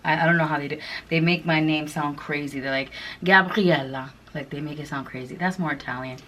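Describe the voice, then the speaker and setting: A woman's voice: deep voice, steady tone, fast, a bit bright, a little hiss or hum, rough recording. A woman chatting through a clothing try-on haul, gushing and chatty with lots of fillers. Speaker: fashion vlogger.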